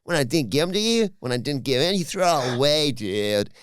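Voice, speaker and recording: A man's voice: on the low side, very animated, moderate pace, vocal fry, a bit bright, no echo, clean studio sound, heavily acted. A man voicing a brash, defensive young female wrestler who drawls and keeps saying dude and bro. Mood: indignant.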